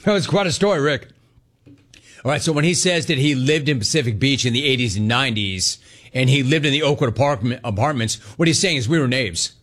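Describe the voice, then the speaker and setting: A man hosting a sports talk radio show, taking callers and riffing in a brash, animated way with punchy repeated words. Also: mid-range voice, fast talker. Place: radio studio.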